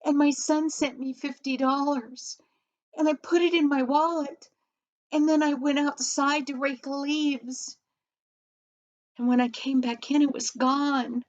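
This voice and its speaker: A poor, kind little old lady in a bedtime story, her voice pitched high and tearful as she gushes her thanks, put on by a grandmother narrator. She speaks slowly over a dull, lo-fi recording. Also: fairly even intonation. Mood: earnest.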